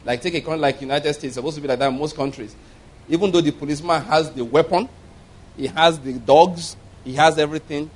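A man's voice: on the high side, rough recording. A man preaching a sermon in an emphatic storytelling manner, often chuckling as he makes his points.

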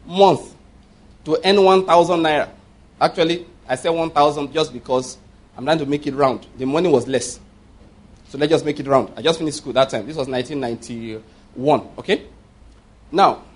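A man's voice: on the high side, husky. A man in his fifties preaching a sermon with emphasis, repeating his points and checking that listeners follow.

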